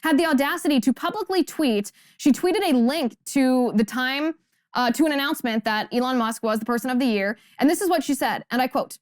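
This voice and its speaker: A young woman hosts a political commentary show in a somewhat high voice, pressing each point with indignant emphasis and rhetorical questions. The sound is dry and close, with no room around her. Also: lively intonation, moderate pace, no room sound. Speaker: host.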